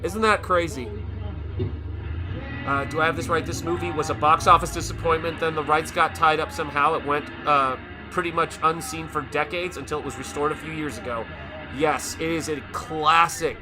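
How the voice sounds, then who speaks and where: A man's voice: fairly high pitch, fairly even intonation, normal speed, music in the background. A man hosting a live watch party, giving gushing, enthusiastic commentary. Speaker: live stream host.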